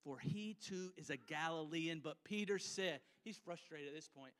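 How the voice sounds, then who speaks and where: High bright-voiced preacher in a reverberant church. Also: male voice, moderate pace, hardly any pauses. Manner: acts out scenes with volunteers, shifting between loud and hushed. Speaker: pastor. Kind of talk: sermon. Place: church sanctuary. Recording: church hall with long reverb.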